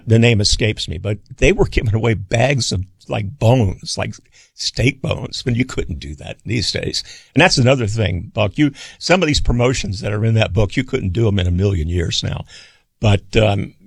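Gravelly older man telling stories. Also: fairly low pitch, no room sound, studio quality. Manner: rambling, halting storyteller with many fillers. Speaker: radio executive and author guest. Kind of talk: casual interview storytelling.

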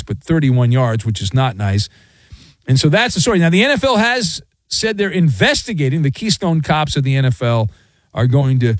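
A man's voice: a little high, no echo. Sarcastic middle-aged guy ranting on sports radio, bouncy up-and-down delivery, dry mic. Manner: sarcastic, mocking, acts out quoted voices. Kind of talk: opinionated sports talk radio monologue.

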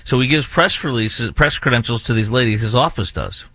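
A man's voice: mid-range voice, fairly quick, a bit bright, no room sound. A man hosting an opinionated commentary monologue, indignant and repetitive, with many fillers and restarts. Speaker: political commentary host.

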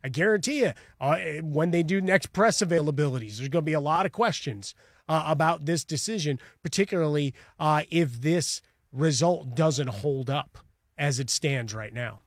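A man's voice: a little high, normal speed, no echo, clean studio sound. A man co-hosting sports radio, analyzing a refereeing decision with many hesitations.

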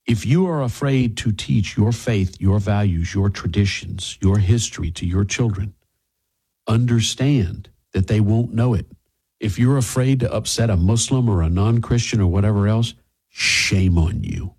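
A man's voice: fairly low pitch, unhurried, a little mellow, breathy edge, low-quality recording. A man from Texas hosting a talk radio show, giving emphatic commentary with sarcastic asides.

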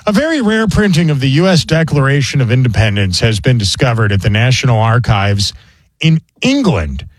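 A man's voice: medium pitch, big pitch swings, fairly quick, no echo. A man hosting a radio show, telling jokey stories in casual banter. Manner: jokey storyteller, mock pronunciations.

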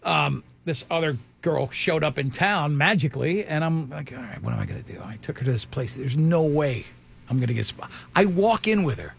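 A man hosting a comedy talk show, telling animated stories with acted-out quotes. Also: fairly high pitch, moderate pace, gravelly, slightly rough. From American South. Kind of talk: comedic banter, storytelling.

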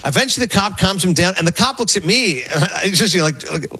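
A man telling a long sports story as co-host on a radio talk show, animated and rambling, acting out quotes. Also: high voice, fast talker, breathy edge. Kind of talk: casual storytelling chat.

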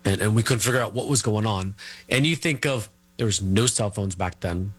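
A middle-aged man telling a family story as an interview guest, rambling and halting, full of fillers and restarts. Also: on the low side, breathy edge.

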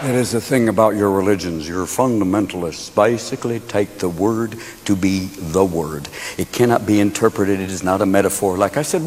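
A male stand-up comedian performing a routine on a club stage, jumping into loud character voices. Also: low-pitched, moderate pace, few pauses. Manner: animated, shifts into shouted character voices. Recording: live hall recording with audience noise.

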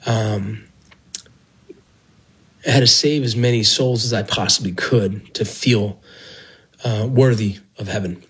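A man's voice: on the low side, fairly even intonation, slow, pauses often, a bit bright, slightly rough, rough recording. A man, a former Border Patrol agent and medic, earnestly telling his own story with feeling. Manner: earnest, emotional, with restarts. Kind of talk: personal storytelling.

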